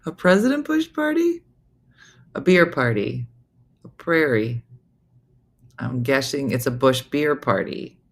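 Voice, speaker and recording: A woman comedian hosting a morning show, telling a chatty, animated story with frequent asides. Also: very deep voice, takes it slowly, pauses often. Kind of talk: casual comic storytelling.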